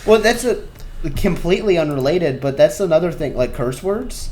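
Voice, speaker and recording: A man's voice: on the high side, lively intonation, normal speed, darkish tone, a little hiss or hum. An American man co-hosting a casual comedy podcast, rambling and hesitant as he thinks aloud. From United States. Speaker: podcast co-host.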